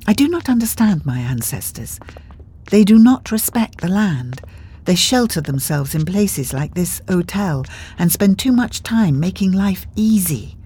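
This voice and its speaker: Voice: mid-range voice, sing-song, measured pace, dark tone, slightly rough, pitched above the performer's own voice. A narrator voicing a young warrior woman who speaks formally without contractions and asks blunt, literal questions. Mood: earnest.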